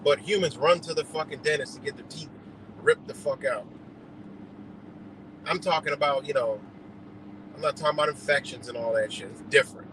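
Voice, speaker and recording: A man's voice: fairly high pitch, a bit bright, slight background noise, low-quality recording. A man ranting heatedly and profanely in a rambling live monologue, streaming from a car on the road. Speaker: livestreamer.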